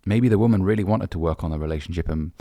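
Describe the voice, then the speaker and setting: A man's voice: low voice, racing, warm tone, no echo, clean studio sound. A young man from the UK, a dating coach, giving blunt, brotherly advice and swearing casually. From United Kingdom. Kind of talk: direct-to-camera advice talk.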